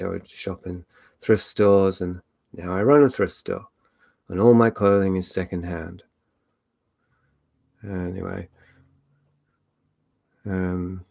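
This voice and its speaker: This Englishman's voice is low, gravelly, and slightly mellow, with no room sound. He hosts a live online meet, musing casually on his own and rambling with lots of fillers and false starts.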